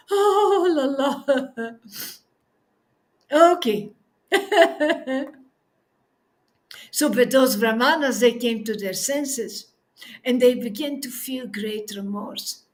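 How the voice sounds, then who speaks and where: High-voiced, slow, laughing woman teacher. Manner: laughs often while speaking, tearful and effusive. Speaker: spiritual teacher. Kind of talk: devotional talk.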